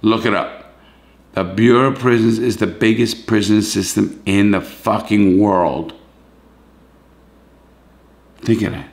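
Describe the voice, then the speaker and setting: Deep gravelly man ranting with emotion. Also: steady tone, slow, pauses often, darkish tone. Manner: profane, pleading, emotional. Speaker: YouTube host, former prisoner. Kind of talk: emotional to-camera rant.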